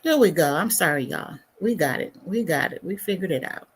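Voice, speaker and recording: A woman's voice: fairly low pitch, lively intonation, fairly quick, a little hiss or hum. Chatty woman hosting a livestream. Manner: chatty, warm asides, mutters to herself while fiddling with settings. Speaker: livestream host. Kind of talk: casual livestream talk to viewers.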